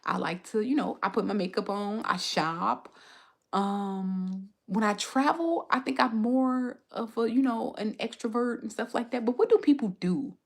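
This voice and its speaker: A slightly high voice at normal speed belongs to a young woman who makes food and travel content. She chats casually on her livestream, wandering through stories and restarting them often.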